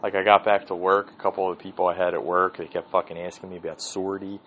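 A man's voice: low-pitched, level tone, fast, narrow, tinny audio, slight background noise. A man hosting his own podcast, telling a rambling, profane story in a casual solo monologue. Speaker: podcast host.

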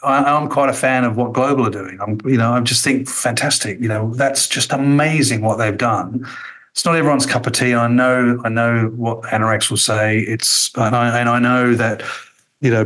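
A man's voice: mid-range voice, fairly even intonation, normal speed, a bit bright, rough recording. A middle-aged man, talking as an interview guest, reflective and full of ums and restarts. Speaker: interview guest, former radio executive. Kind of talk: conversational interview.

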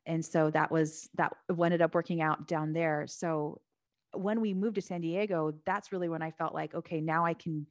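A woman's voice: low-pitched, moderate pace, dry recording. Chatty woman telling her story, dry sound. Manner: animated, chatty, acts out quoted voices. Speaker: podcast guest, author and Bible teacher. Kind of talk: casual storytelling.

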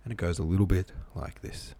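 Male reader for a classic novel, deep, dark timbre, casual asides, dry close mic. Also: fairly even intonation, fairly quick, creaky, no room sound. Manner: plain reading with casual asides. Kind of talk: reading a novel aloud.

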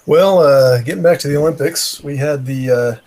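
A man's voice: a little high, moderate pace, darkish tone. A man co-hosting a casual podcast, adding short agreeable remarks and hesitating with "uh". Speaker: podcast co-host. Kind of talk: casual chat.

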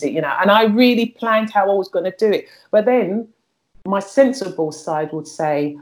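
A woman's voice: mid-range voice, animated, moderate pace, darkish tone. A middle-aged woman, the guest, speaking frankly and in an earthy way about her own life, often repeating words as she searches for them. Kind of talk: candid personal conversation.

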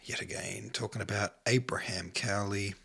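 Man, podcast host, short of breath, low husky voice, rambling casual chat. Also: fairly even intonation, moderate pace, fairly bright tone. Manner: rambling, offhand, drops to near-whisper at times.

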